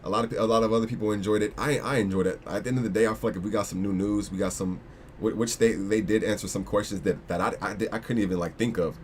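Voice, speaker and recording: A man's voice: fairly low pitch, fairly even intonation, fast talker, slight background noise. A young man hosting a casual crypto livestream, rambling with lots of restarts and slangy asides.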